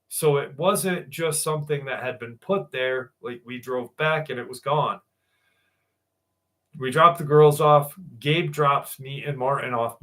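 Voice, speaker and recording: An American man tells a personal story in a loose, casual way. He swears freely, circles back with fillers and restarts, and sits at an ordinary middle pitch. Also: fairly bright tone. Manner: profane, rambling, many fillers and restarts. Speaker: guest telling a personal encounter story.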